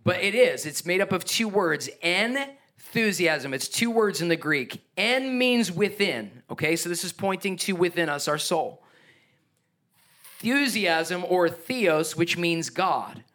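A pastor delivering a sermon with emphatic, energetic preaching. His voice sits fairly high for a man, and he drops into playful asides with a chuckle. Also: a little slow.

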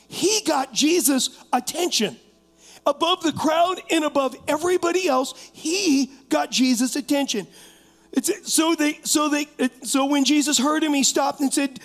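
A man preaching a sermon as pastor, animated, calling on members of the congregation and shouting out to show his point. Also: extremely high pitch, measured pace. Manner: shouts to demonstrate, rising to loud bursts. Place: church sanctuary. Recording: long hall reverb.

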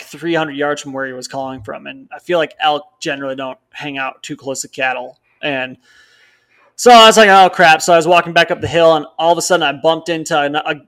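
In a casual, loose way, a young Wisconsin podcast co-host with a fairly high pitch tells a long, rambling hunting story. He stays animated and acts out snippets of what others said.

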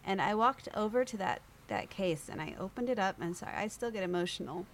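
A woman guest on an interview show, telling a story in a lively way, acting out other people's voices and laughing often. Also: mid-range voice, a little fast, slight background noise. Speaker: podcast guest.

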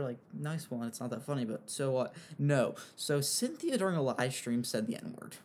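A young man giving casual, rambling commentary on an online feud, with frequent fillers and animated asides. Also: mid-range voice, moderate pace. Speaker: commentary host.

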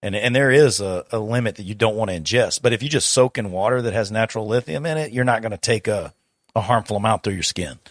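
A man's voice: fairly low pitch, quick pace, no echo, studio quality. Laid-back man in casual chat. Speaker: podcast co-host.

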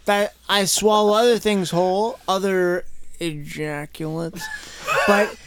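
A high-pitched man hosts a loose podcast chat over drinks. He teases his guests and keeps looping back on the same phrases. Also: steady tone, slow, very noisy. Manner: joking, teasing, repeats himself. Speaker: podcast host.

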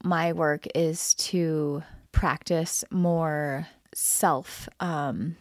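A woman's voice: deep voice, fairly even intonation, extremely slow, no echo, studio quality. A woman co-hosting a podcast, talking frankly and emphatically with her partner, often repeating phrases for stress. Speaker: podcast co-host. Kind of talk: candid couple conversation.

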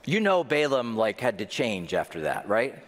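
A man's voice: mid-range voice, sing-song, moderate pace, big-room sound. A man preaching a sermon, asking rhetorical questions and joking with his congregation. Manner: jokes with the congregation. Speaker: pastor.

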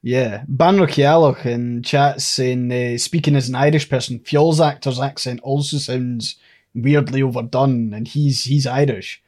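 A man's voice: mid-range voice, steady tone, measured pace, a little mellow. A man with a Scottish accent, co-hosting a casual podcast and talking earnestly. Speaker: podcast co-host.

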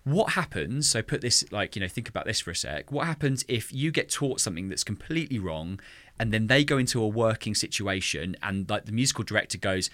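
This is a man speaking fairly quickly in a low-leaning voice, co-hosting a relaxed podcast. He gets passionate and animated about music instruction, vocally imitating drum rhythms by scatting, and the recording is dry.

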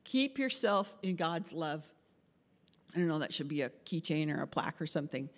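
A woman's voice: sits low, big pitch swings, normal speed. A woman pastor giving a chatty, interactive sermon and asking the group questions. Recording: long hall reverb.

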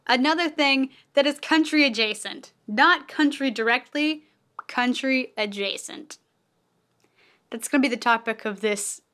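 A woman's voice: fairly high pitch, sharp tone. A woman hosting a podcast, talking in a rambling, playful, self-amused way. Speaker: podcast host. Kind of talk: casual podcast monologue.

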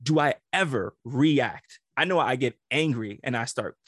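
A man's voice: medium pitch, lively intonation, measured pace, a bit bright, husky, dry recording, studio quality. A man co-hosting a podcast, talking casually and reflectively with some profanity. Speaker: podcast co-host.

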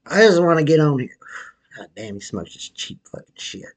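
A man with a slightly high voice performs a comedy sketch monologue as a vulgar, overweight aspiring rapper, smoking a cigarette and rambling in a cursing, slang-heavy drawl. He sounds very animated and speaks at a moderate pace.

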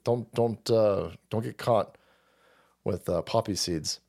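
A man's voice: lowish voice, slow pace, gravelly, mellow. A man hosting a livestream, ranting about politics in a profane, sarcastic way and reading sponsor ads. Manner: foul-mouthed, sarcastic, rambling. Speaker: streamer host. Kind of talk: profane political rant with ad reads.

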